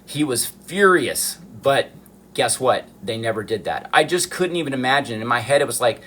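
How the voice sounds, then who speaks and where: A man's voice: mid-range voice, lively intonation, normal speed, a bit bright, slight background noise. A man from the southern United States who chats earnestly and animatedly to viewers during a live stream. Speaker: miniature artist hosting a live stream. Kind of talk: casual livestream chat.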